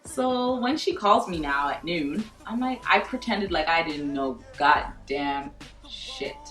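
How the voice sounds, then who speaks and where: A young woman telling a profane, animated storytime vlog and acting out quoted dialogue. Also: on the low side, slow. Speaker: vlogger. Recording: echoey room from far off with faint music.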